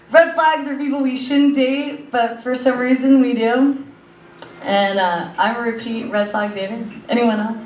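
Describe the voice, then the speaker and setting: A young woman with a fairly high voice works through a stand-up set in a comedy club, wandering from joke to joke with plenty of "uh" and "like". The sound is roomy and a bit distant, with faint club ambience behind her. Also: measured pace, a little hiss or hum. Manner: rambling, filler-heavy delivery. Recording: echoey club audio from a distance.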